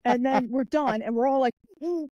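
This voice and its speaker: A woman guest on an interview show, telling animated stories, acting out the people in them, with lots of "like" fillers. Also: high-pitched, normal speed, no echo, highs cut off. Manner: animated storyteller who acts out quoted people; chatty, with many "like" and "I'm like" fillers. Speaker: podcast guest, author and martial artist. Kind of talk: casual interview storytelling.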